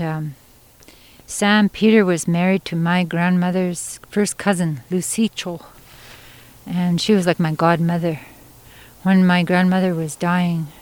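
A woman storyteller from Yukon, Canada, telling a traditional story in an unhurried, conversational way with pauses and asides. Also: on the low side, darkish tone, rough recording. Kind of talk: oral storytelling.

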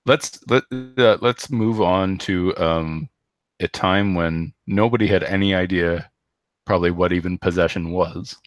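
A man with a deep, low voice talks hockey in a casual, wandering way, stopping and restarting his thoughts with plenty of fillers. When he reads numbers he speeds into a flat run. The sound is dry and close. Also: unhurried, dry recording. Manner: rambling, hesitant, many fillers and restarts. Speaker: podcast co-host.

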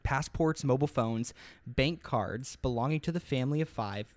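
A man's voice: medium pitch, moderate pace, no echo. Young man, rambling upbeat podcast talk. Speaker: podcast co-host telling a mystery. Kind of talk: casual podcast chat.

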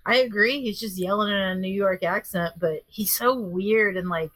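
A woman chatting casually on a podcast, telling animated stories with lots of swearing and quoted voices. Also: mid-range voice, normal speed, no room sound. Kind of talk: casual chat.

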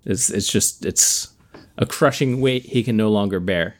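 A man co-hosting a podcast in casual, comedic chat, delivering mock-philosophical jokes in a deadpan way. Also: lowish voice, unhurried. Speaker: podcast co-host.

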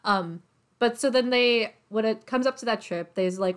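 A young woman retells a novel's plot in a casual chat, speaking at a medium pitch and normal speed. Her talk is chatty and packed with "like" and "um," and she acts out the characters' lines in little voiced quotes.

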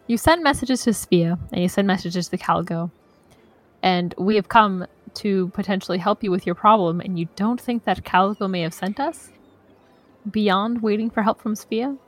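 A woman playing a tabletop game, animated and swearing casually. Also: mid-range voice, moderate pace. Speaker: player.

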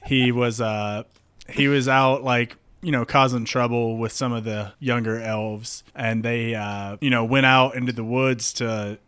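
A man's voice: medium pitch, little pitch movement, a little slow, a bit bright, clear, resonant tone, dry recording. Meandering man brainstorming a comedy. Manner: meandering, lots of fillers. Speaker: comedy co-writer.

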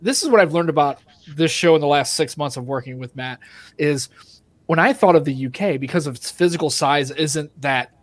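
A man co-hosts with quick, incredulous reactions and casual swearing. His voice is high for a man and comes across dry, with no room sound around it. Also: no room sound. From United States. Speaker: podcast co-host. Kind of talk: casual chat.

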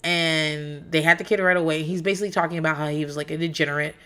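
This podcast host is a woman in her thirties or forties whose voice is low, bright, and forceful, with a steady tone and a quick pace. She rambles through reality TV recaps candidly, swearing and using frequent fillers.

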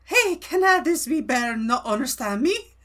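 A woman voicing a fierce young male falcon in a put-on Glaswegian Scottish accent, gruff and blustering. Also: sits high, sing-song, a little slow, a bit bright, pitched above the performer's own voice, full character voice. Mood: gruff warning.

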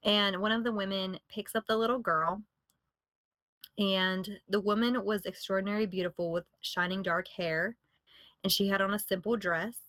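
A woman's voice: mid-range voice, fairly even intonation, normal speed, fairly bright tone, no echo. A woman podcast host in casual storytelling, retelling and reading from a book, conversational with fillers and self-corrections.

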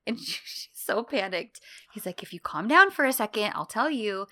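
A woman chatting casually as a co-host, her voice bright and sharp. She retells scenes in an animated way, slipping briefly into the characters' voices. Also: mid-range voice. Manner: animated retelling, acts out lines in quick voices. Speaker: podcast co-host. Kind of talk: casual chat recapping a drama.

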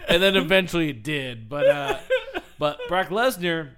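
A man's voice: fairly high pitch, very animated, moderate pace, a crowd in the background. A man hosting a casual podcast, telling a story in a rambling way with frequent laughs and swearing. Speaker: podcast host. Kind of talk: casual chat.

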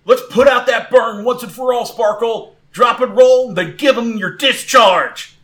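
A man shouting as a bold ice gym leader. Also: very high-pitched, a little slow, voice pushed up. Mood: fired-up commanding. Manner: shouted battle commands.

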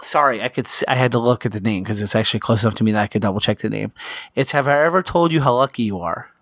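A man playing a tabletop role-playing game, chatty and quick to laugh. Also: medium pitch, fairly bright tone, no echo, studio quality. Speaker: player. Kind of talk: casual tabletop play.

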